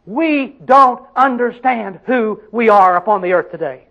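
A man's voice: high voice, unhurried, highs cut off. A man preaching a sermon, emphatic, putting questions to his congregation and answering them himself.

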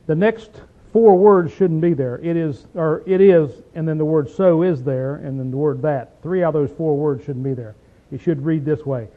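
A man preaching a conversational Bible study in a folksy, emphatic way, often checking in with "see?" and "okay?" and clearing his throat. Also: on the high side, expressive, unhurried. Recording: tinny phone-like sound.

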